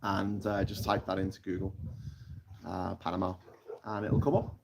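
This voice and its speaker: A man's voice: level tone, normal speed, vocal fry, background noise. Chatty British man on a live stream. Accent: British English. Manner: chatty, mocking, jumps into high squeaky voices for caricatures. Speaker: live-stream host reading chat. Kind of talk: casual live-stream chat.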